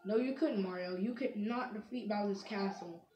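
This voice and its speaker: A woman's voice: mid-range voice, moderate pace, warm tone, a little hiss or hum, close to an everyday voice. A woman voicing a teasing young male plumber brother in a fan game voice-over, with a mocking, scolding way of talking. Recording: roomy echoey home recording.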